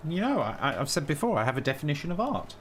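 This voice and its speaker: A man's voice: fairly high pitch, sing-song, very fast, slight background noise. A man talking casually on a live stream, thinking aloud with many restarts and blunt opinions. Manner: thinks aloud, frequent restarts and self-corrections.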